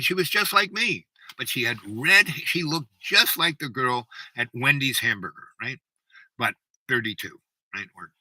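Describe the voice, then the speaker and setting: A man's voice: mid-range voice, bright, forceful tone, dry recording, low-quality recording. A man in his seventies telling a long story in a meandering, casual way, full of "you know" fillers. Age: 70s. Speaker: channel host.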